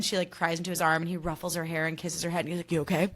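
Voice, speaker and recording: A woman's voice: on the low side, level tone, very fast, few pauses, a bit bright. A young woman hosting a podcast, recapping reality TV in a chatty, sarcastic way, swearing freely and acting out quotes. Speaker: podcast host.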